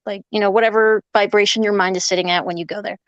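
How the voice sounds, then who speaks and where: A woman's voice: medium pitch, fairly even intonation, fast talker, no echo, dull audio. A woman guest on a casual podcast, telling long rambling stories full of "like". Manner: rambling storyteller, many fillers of "like".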